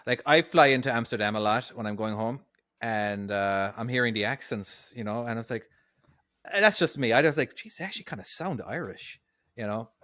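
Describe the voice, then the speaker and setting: A man's voice: mid-range voice, a little fast, fairly bright tone, dry recording, clean studio sound. A man co-hosting a podcast, chatting casually in rambling asides and apologizing often. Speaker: podcast co-host. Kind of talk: casual chat.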